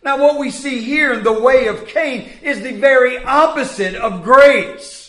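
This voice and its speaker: A man preaching a sermon, acting out the voices of biblical figures and swinging from loud to hushed. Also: extremely high pitch, unhurried. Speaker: pastor. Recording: echoey room.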